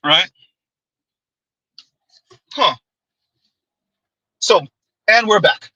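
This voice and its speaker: Guy ranting on his vlog, high husky voice, sarcastic laughs, preachy and blunt. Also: animated, very slow, sharp tone, no room sound, poor audio. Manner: sarcastic, laughing, rhetorical asides. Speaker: commentary vlogger.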